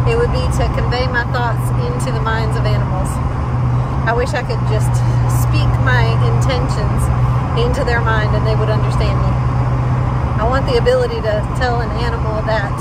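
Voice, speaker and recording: A woman narrating a casual rescue vlog outdoors at a gas station, talking softly and coaxing stray animals in baby talk. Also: fairly high pitch, heavy background noise.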